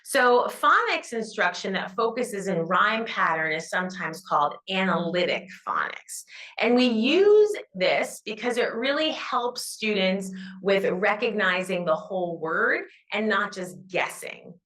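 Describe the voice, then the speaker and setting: A woman's voice: mid-range voice, very animated, a little slow, a bit bright, low-quality recording. A middle-aged woman, an educator, giving a conference talk and modeling classroom reading cues in a raised, teacherly voice. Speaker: educator presenting at a summit.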